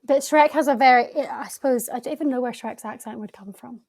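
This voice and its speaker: A woman's voice: on the high side, quick pace, gravelly, darkish tone, no room sound. A young woman from Scotland with a Scottish accent, chatting casually as a podcast guest, modest and self-deprecating. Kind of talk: casual chat.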